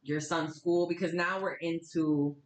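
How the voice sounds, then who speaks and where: A woman's voice: lowish voice, measured pace. Chatty woman podcast host, echoey room. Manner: chatty, animated storytelling with laughs. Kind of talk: casual chat. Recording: roomy, echoey sound.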